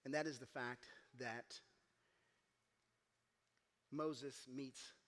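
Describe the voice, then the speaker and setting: A man's voice: mid-range voice, very slow. A man preaching a sermon as pastor, telling a story and acting out the voices in it. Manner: animated, acts out quoted voices, gets loud and emphatic. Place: church.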